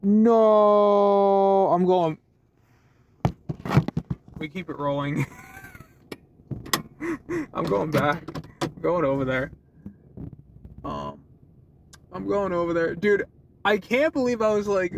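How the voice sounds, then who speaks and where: A young man talks off the cuff from the driver's seat, voice sitting a touch higher than usual, loose and profane with plenty of "dude" and "man". Faint car and road noise hum underneath. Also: animated, takes it slowly, gravelly, pauses often, lo-fi sound. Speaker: vlogger. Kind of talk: casual car vlog.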